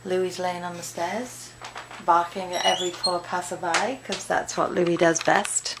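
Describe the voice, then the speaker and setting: A woman's voice: lowish voice, little pitch movement, measured pace, background noise. A tired British woman chatting casually in a home video diary, rambling and talking to her dogs. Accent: British English. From Britain. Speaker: vlogger. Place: home indoors.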